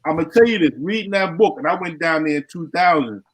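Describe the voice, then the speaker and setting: A man hosting a podcast, interviewing a guest casually and backing him up with quick affirmations. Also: fairly high pitch, expressive, poor audio. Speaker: podcast host.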